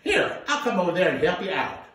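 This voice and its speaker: A man's voice: high voice, sing-song, brisk, fairly bright tone, pitched above the performer's own voice. A man voicing a bossy, teasing old grandmother with a chiding manner, heard in an echoey room from a distance. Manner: sassy, chiding.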